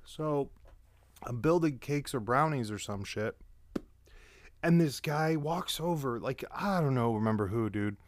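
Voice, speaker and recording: A man's voice: mid-range voice, animated, unhurried. A man with a mid-range voice tells rambling stories in a loose, casual way, swearing freely as he goes. The sound is dry, with no room echo. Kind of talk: casual storytelling.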